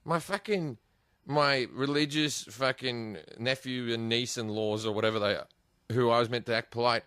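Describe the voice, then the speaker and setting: Australian man, comedian, high lively voice, dry close sound. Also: dry recording. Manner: crude, animated storytelling with lots of swearing. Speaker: comedian guest. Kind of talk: casual podcast chat.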